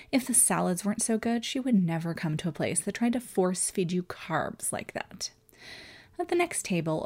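A woman narrating a short story aloud, raising her voice higher and louder for the characters' lines. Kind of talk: storybook reading.

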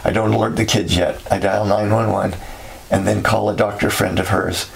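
A man narrating a story in a steady, somber way. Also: lowish voice, moderate pace, gravelly, poor audio.

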